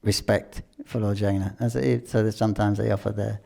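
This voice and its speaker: An older man casually telling devotional stories, halting often with restarts, throat clearing and chuckles. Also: on the low side, level tone, darkish tone. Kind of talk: casual storytelling talk.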